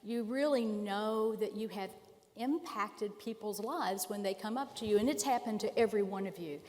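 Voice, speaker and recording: An older woman who is a retired dean speaks on a panel in a warm, reflective way. Her mid-pitched voice rings out into a large hall with long reverb. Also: normal speed. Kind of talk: panel discussion on stage.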